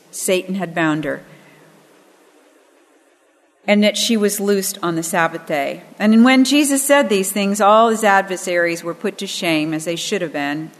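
Earnest woman teaching the Bible in a reverberant hall. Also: medium pitch. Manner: earnest, storytelling, emphatic on key phrases. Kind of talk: expository Bible teaching with personal stories.

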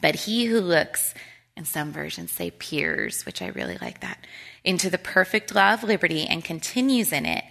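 A woman's voice: lowish voice, huge pitch swings, moderate pace, gravelly, fairly bright tone. A woman in her thirties teaching a women's Bible study, chatty and storytelling, often laughing.

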